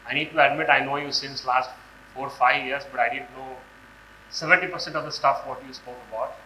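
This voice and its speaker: Hoarse man in his 40s, halting talk, bright edgy voice, roomy hall with faint hum. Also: mid-range voice. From India. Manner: halting, many fillers and restarts. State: hoarse from a cold. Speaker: guest speaker. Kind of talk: conference talk. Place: large hall on stage.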